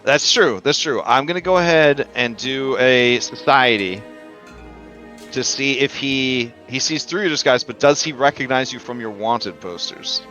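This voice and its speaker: A man's voice: mid-range voice, measured pace, pushed and bright, faint music behind. A man narrating as game master of a tabletop game, loose and chatty with lots of ums and frequent laughs.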